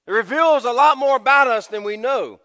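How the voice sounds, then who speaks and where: A man preaching a sermon as pastor, swinging from loud emphasis to hushed low tones. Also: a little fast, long reverb tail. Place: church sanctuary.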